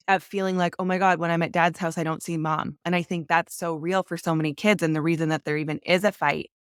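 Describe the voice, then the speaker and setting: Earnest woman, smooth clear voice. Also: lowish voice, dry recording, studio quality. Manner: earnest, frequent "like" fillers. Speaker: podcast guest. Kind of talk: candid conversational storytelling.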